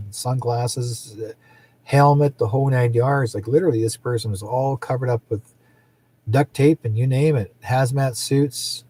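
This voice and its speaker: A man's voice: mid-range voice, dark tone, husky. A middle-aged man hosting a psychic show, talking in a rambling, casual way and often laughing. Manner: rambling, chatty, laughs often, acts out quoted people. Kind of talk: casual livestream chat.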